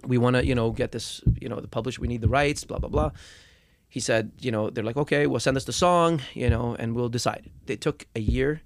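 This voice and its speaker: At medium pitch and a little fast, a young man shares his story as a musician guest in a casual interview. He curses often, repeats words, and raises his voice when angry.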